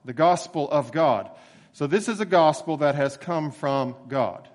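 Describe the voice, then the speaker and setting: A man preaching a sermon in a relaxed, conversational way, slowing down to stress key phrases. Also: on the high side, long reverb tail. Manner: conversational storytelling with emphatic slowed phrases.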